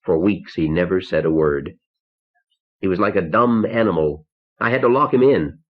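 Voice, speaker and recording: Deep-voiced man narrating a somber tale. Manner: measured, somber storytelling. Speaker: audiobook narrator. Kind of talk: first-person audiobook narration. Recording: dull lo-fi cassette tape.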